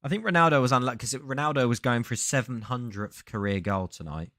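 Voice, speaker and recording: A sports card streamer hosts a casual live stream, his mid-range voice a bit bright and quick-paced. He chats loosely, often cutting himself off mid-sentence to wander off into rambling stories.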